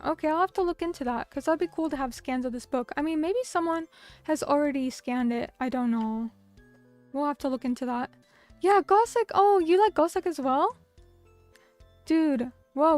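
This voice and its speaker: High-voiced bubbly woman streamer. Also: a little mellow, no echo. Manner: bubbly and chatty, reading out chat comments, many fillers. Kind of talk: casual chat with viewers.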